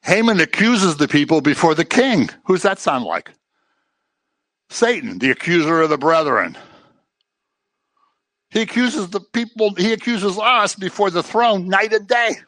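Lively, bright-voiced male preacher. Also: sits high, unhurried, pauses often, dry recording. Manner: conversational, joking asides, animated. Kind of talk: sermon.

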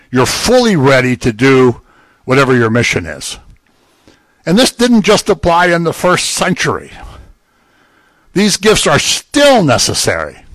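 A man's voice: a little high, fairly bright tone, no echo. Older male preacher, conversational, jokes between points, dry close sound. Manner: conversational, joking asides. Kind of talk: sermon.

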